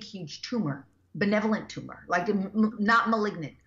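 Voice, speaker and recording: A woman guest talking as an animal communicator, telling stories in a rambling, animated way with many fillers and restarts. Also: mid-range voice, brisk, gravelly, few pauses, muffled recording. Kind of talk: casual storytelling interview.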